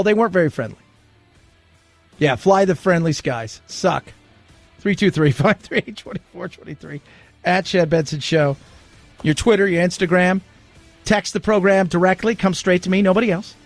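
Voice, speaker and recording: A man's voice: high-pitched, moderate pace, no echo, soft background music. A male talk radio host in his forties giving an indignant, sarcastic rant into a studio microphone. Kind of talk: opinionated talk radio monologue.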